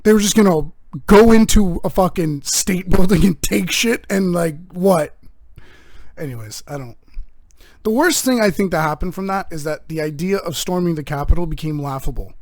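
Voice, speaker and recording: Man, young adult, podcast host, rambling, profane, deadpan, slightly high voice, dry sound. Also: normal speed, no room sound. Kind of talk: rambling comedic monologue.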